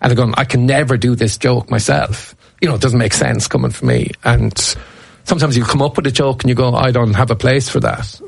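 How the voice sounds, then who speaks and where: A man's voice: medium pitch, steady tone, brisk, gravelly, breathy edge, no echo. A comedian in his fifties telling rambling anecdotes in a casual interview, restarting his sentences as he goes. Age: 50s. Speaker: stand-up comedian guest.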